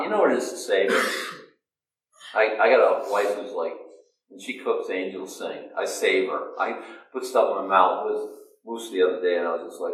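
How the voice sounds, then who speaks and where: A man preaching a sermon, telling the story in a lively way and acting out the voices of the people in it. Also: moderate pace. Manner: animated storytelling, acting out quoted voices with big pitch jumps. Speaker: pastor. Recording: echoey room, distant mic.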